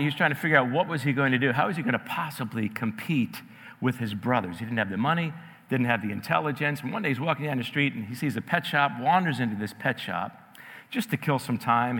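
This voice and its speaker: Animated man storytelling in a reverberant hall. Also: mid-range voice. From New York area, raised in New Jersey. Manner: animated, conversational, addresses audience directly. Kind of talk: storytelling in a sermon. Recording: long reverb in a large hall.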